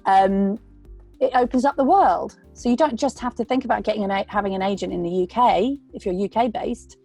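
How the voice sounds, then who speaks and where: A woman's voice: mid-range voice, fairly quick, gravelly, dark tone, faint music behind. A woman voice actor giving earnest, rambling advice in a casual interview, often restarting her sentences. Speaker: voice actor guest.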